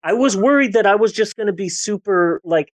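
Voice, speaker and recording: Woman in her forties, podcast host, candid and rambling, mid-pitched voice, dry close sound. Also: lively intonation, fairly quick, no echo. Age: 40s. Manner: candid, rambling, with frequent restarts. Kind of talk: casual podcast chat.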